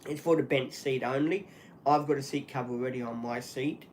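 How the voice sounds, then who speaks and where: A man hosting a solo livestream, talking earnestly and apologetically in halting speech with many restarts and fillers. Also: medium pitch, fairly even intonation, a little mellow, a little hiss or hum. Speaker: channel host.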